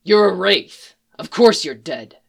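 A storyteller voicing a grim male monster hunter who rasps curt, demanding lines. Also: mid-range voice, expressive, extremely slow, bright, forceful tone, heavily acted. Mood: snapping. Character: grim gruff male witcher.

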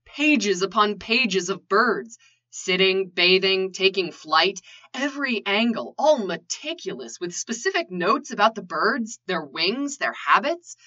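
Woman storyteller, playful asides, animated, bright, lo-fi. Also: medium pitch, measured pace. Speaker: reader. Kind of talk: storytelling narration. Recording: lo-fi dull recording.

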